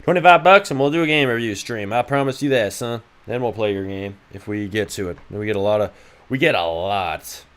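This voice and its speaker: A man's voice: on the low side, brisk, a bit bright, clean tone. A man from Idaho, a game developer streaming live, bantering with his chat in a loose, joking, profane way. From Idaho, USA. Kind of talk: casual livestream chat.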